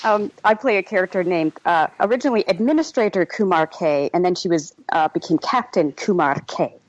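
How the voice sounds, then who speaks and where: A woman's voice: on the low side, fairly quick, no echo, highs cut off. A woman guest talking casually on a podcast, telling stories with laughter. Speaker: guest actress.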